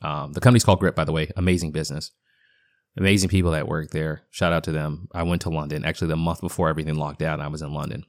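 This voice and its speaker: A man's voice: a bass voice, little pitch movement, rapid-fire, no echo, studio quality. A man in his thirties with a partial Boston accent, hosting his own podcast and giving a casual, rambling solo update with fillers and restarts. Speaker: podcast host. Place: home basement.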